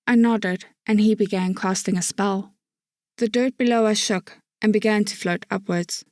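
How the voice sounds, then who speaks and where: A woman narrates an audiobook chapter as scripted narration, in a steady storytelling manner. Her mid-range voice moves at normal speed, and the studio sound is clean with no room sound.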